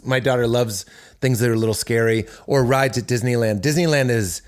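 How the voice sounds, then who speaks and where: Man, forties, podcast guest, casual storytelling, acts out quotes, middle pitch. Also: brisk. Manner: animated storytelling with acted-out quotes. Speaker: comedian guest.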